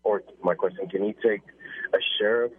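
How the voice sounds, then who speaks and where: A man's voice: fairly low pitch, steady tone, moderate pace, slight background noise. A male caller on a radio show, polite and a bit hesitant as he explains his brother's problem over the phone. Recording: tinny phone line.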